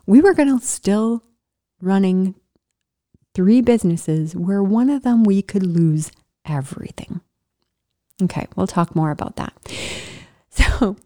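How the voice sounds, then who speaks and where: Mellow-voiced woman telling her story. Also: medium pitch. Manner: chatty and animated, with slangy exclamations. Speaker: vlogger. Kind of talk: casual personal storytelling to camera. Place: studio.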